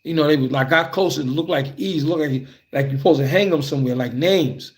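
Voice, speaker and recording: A man with a fairly high voice tells a childhood tale in loose, conversational fashion. He keeps it animated and acts out the scenes as he talks. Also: a little fast. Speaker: storyteller. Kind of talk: casual spoken storytelling.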